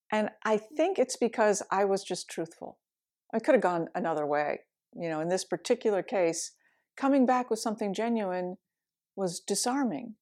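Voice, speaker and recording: A middle-aged woman, a meditation teacher, telling a personal story in a candid, reflective way, laughing now and then. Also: medium pitch. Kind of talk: storytelling talk.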